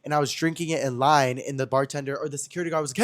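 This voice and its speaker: A man's voice: mid-range voice, fairly even intonation, racing. A young man hosting a podcast who tells gossip stories in a chatty, slangy way and keeps addressing his viewers directly. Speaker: podcast host. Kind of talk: casual gossip storytelling.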